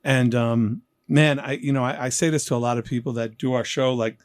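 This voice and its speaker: A man in his fifties from New York, hosting a casual interview and telling animated, joking stories. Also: mid-range voice, brisk, dry recording, studio quality. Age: 50s. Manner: animated, joking storyteller who acts out quotes. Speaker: podcast host.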